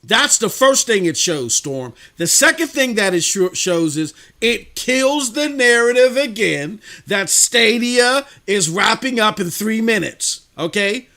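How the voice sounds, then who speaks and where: Male podcast co-host, high bright voice, emphatic casual delivery. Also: sing-song, unhurried, hardly any pauses. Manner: emphatic, talks to co-host by name. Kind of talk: casual livestream podcast talk.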